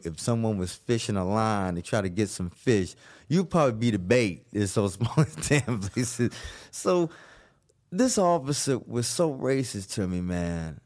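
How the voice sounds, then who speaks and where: A man telling a wild personal story in an animated way, acting out the voices of the people in it, swearing and laughing often. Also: fairly low pitch. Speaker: guest telling his story.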